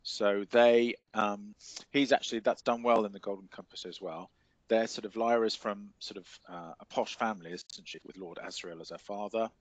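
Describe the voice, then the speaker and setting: Man, English accent, teacher, lowish voice, hesitant, lots of fillers, dry recording. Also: steady tone, moderate pace, no room sound, dull audio. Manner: hesitant, many fillers, explanatory. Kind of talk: classroom lecture and discussion.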